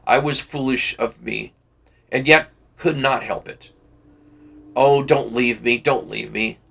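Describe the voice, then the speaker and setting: A heartbroken young actress begs and pleads in a soft, hushed voice, as a man reads her part. The voice is slow and gravelly, drawing the words out like a storybook reading. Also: medium pitch, exaggerated voice. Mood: desperate.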